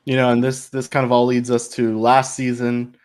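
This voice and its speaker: A man's voice: medium pitch, completely flat delivery, moderate pace, a little mellow. Easygoing male podcast host. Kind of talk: interview questions.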